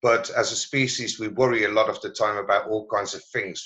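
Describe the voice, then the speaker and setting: A man giving a presentation over a video call, halting and searching for his words as he goes. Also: lowish voice, steady tone, sharp tone, poor audio. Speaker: presenter at a learning network meeting. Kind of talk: online meeting presentation.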